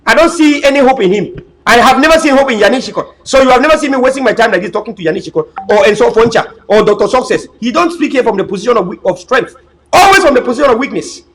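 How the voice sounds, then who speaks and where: A man's voice: extremely high pitch, animated, fast, a little hiss or hum, low-quality recording. A man giving an impassioned political talk, emphatic and preachy, repeating himself and stumbling over words. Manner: emphatic, repetitive, preachy, with frequent stammered restarts. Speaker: political commentator.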